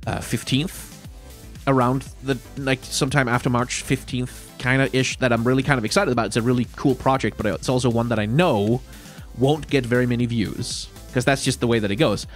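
A man's voice: medium pitch, fairly even intonation, fairly quick, soft background music. Nasal man with blocked sinuses. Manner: rambling, self-correcting, swears casually. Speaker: YouTuber answering viewer questions. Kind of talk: casual solo Q&A outro.

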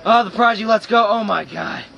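A man doing excited play-by-play commentary for a wrestling match, exclaiming and shouting over and over. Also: high-pitched, a little fast, gravelly, muffled recording, a crowd in the background.

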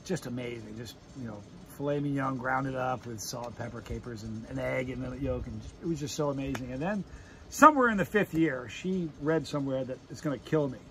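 A middle-aged man hosting a casual chat, telling rambling stories excitedly. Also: medium pitch, a little fast, slight background noise, low-quality recording. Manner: excited, chatty, rambling storyteller. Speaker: host.

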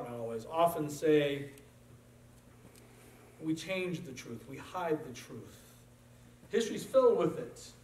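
A male pastor preaching a sermon in a church sanctuary, talking in an earnest, conversational way. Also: on the high side. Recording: echoey church from far off.

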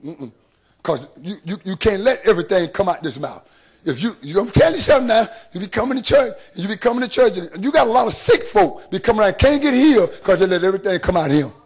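A middle-aged man, preaching a sermon in a church, moving between hushed asides and rising calls to the congregation. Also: sits high, lively intonation, fast, breathy edge. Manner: preaching with call-and-response rhythm, shifting between hushed and rising. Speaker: pastor. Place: church sanctuary.

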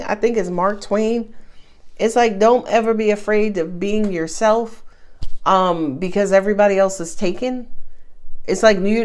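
Emphatic woman giving a tarot reading. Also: mid-range voice. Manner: emphatic, slangy, calls viewers baby. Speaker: tarot reader. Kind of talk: casual tarot reading to camera.

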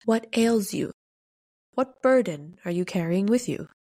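A woman voicing a mysterious older male tea shop keeper who speaks in a simple, slow monotone, read as part of a storybook. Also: mid-range voice, dry recording, studio quality. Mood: flat, cryptic. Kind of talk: storybook reading.

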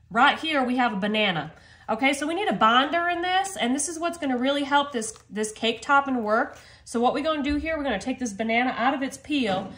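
A high-pitched woman walks viewers through a recipe in her own kitchen. She talks to the audience directly and sounds eager throughout, with faint noise behind her. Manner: excitable, keeps addressing viewers directly. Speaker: cooking video host. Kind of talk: casual recipe demonstration. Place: home kitchen.

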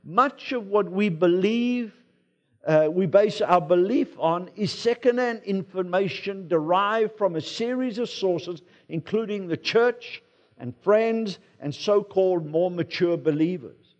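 A South African pastor delivers a sermon in a church sanctuary, addressing the congregation as if chatting with friends and weaving in personal anecdotes. His unhurried voice sits fairly high for a man. The recording is dull and lo-fi.

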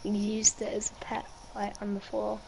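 A woman's voice: medium pitch, completely flat delivery, normal speed, creaky, very noisy. A woman on a call to a streaming friend, joking around in a laid-back, silly way. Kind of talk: casual gaming chat.

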